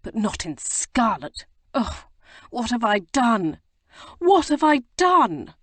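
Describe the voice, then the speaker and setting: A woman reading an audiobook, voicing an agitated, guilt-stricken young gentleman who bursts into exclamations. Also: mid-range voice, sing-song, normal speed, no room sound, pitched above the performer's own voice. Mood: distraught. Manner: distraught, exclamatory outbursts. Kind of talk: audiobook character voice.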